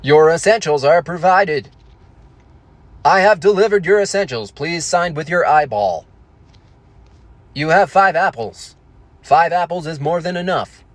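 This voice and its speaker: A man's voice: a little high, a little slow, pauses often, dry recording, natural voice. A man putting on the voice of a stiff, robotic AI hologram delivering goods. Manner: stiff, mechanical, formal.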